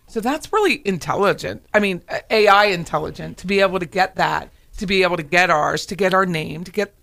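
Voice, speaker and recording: A woman hosting a casual chat, telling stories in a lively way and acting out phone calls. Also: lowish voice, a little fast, vocal fry. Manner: animated storyteller, acts out calls. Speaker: host, realtor.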